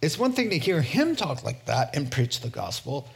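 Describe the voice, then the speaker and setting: A male pastor preaching a sermon, a lively storyteller who often chuckles and swings between quick asides and slow, weighty phrases. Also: on the high side, vocal fry.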